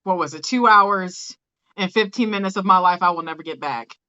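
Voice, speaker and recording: A woman's voice: on the low side, a little fast, pushed and bright, clear, resonant tone, highs cut off. A woman from the American South hosting a podcast, talking casually and animatedly with frequent laughs. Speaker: podcast host. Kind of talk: casual chat.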